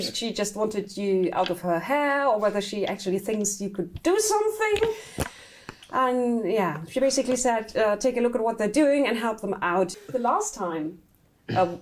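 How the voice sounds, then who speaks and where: A woman narrating as dungeon master in a tabletop role-playing game, lively and laughing often. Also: mid-range voice.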